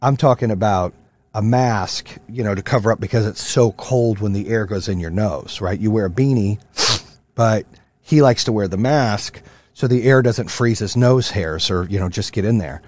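A man in his thirties or forties hosting a podcast, ranting with lots of profanity in a fired-up motivational way, then dropping to a low, quieter voice for stories. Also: moderate pace. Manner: swings from loud rants to low, quieter storytelling. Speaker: podcast host. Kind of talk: casual monologue.

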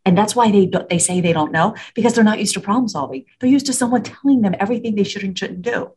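In a casual interview, a woman who works as a school administrator and parenting educator discusses her work with kids and parents. Her voice is mid-range and husky, and she talks quickly. She's an animated storyteller who acts out the exchanges she quotes.

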